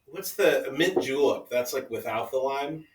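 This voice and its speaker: A man's voice: medium pitch, expressive, measured pace, noisy background. Joking man, roomy and distant. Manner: joking, rambling, with many restarts. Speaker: podcast co-host. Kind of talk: casual chat. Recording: echoey room, mic at a distance.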